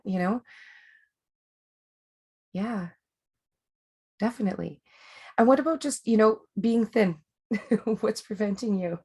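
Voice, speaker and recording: A woman's voice: mid-range voice, a little slow, pauses often, dark tone, husky. A woman life coach hosting a webinar, talking in a chatty, rambling way with many fillers and restarts. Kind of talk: casual coaching talk.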